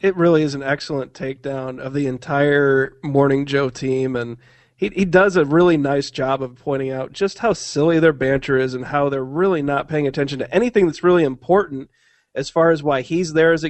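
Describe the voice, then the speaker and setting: A man's voice: a little high, fairly quick, no room sound. A man hosting a casual podcast, earnest and often stumbling over his words and restarting. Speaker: podcast host.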